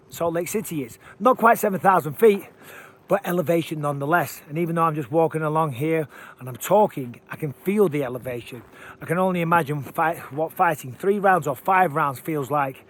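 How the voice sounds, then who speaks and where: A man giving casual, energetic fight commentary while walking outdoors, out of breath. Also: a little high. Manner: energetic, chatty, emphatic. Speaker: MMA commentator. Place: outdoors by water at high elevation.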